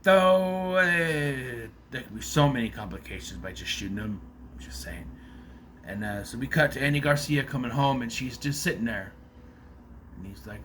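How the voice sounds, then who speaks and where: A man's voice: medium pitch, moderate pace, a bit bright, slight background noise. A man casually recapping a movie plot in a rambling, loose way, swearing freely as he goes.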